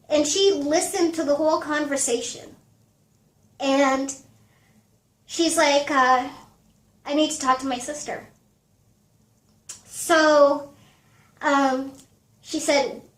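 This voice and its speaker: A young woman in her twenties vlogging a casual storytime, animated and full of fillers and swearing. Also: sits high, echoey room.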